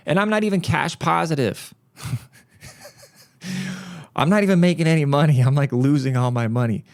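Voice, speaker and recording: A man's voice: mid-range voice, big pitch swings, brisk, dry recording, studio quality. A man hosting a podcast, telling stories in a blunt, profane, casual rant. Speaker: podcast host.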